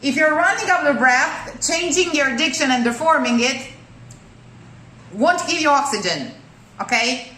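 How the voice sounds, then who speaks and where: A high-voiced woman teaching singing, speaking slowly and deliberately. She is blunt and corrective with her student. The room sounds roomy, with a faint piano behind her. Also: animated, sharp tone. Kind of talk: singing lesson coaching.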